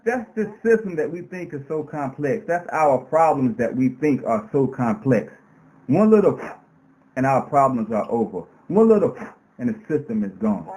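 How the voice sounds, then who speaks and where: A man's voice: mid-range voice, a little mellow, low-quality recording. A man speaking as an interview guest on a radio show, talking in an impassioned, preacher-like way. He repeats words for emphasis and builds long runs of rhetorical questions. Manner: repetitive, emphatic phrasing.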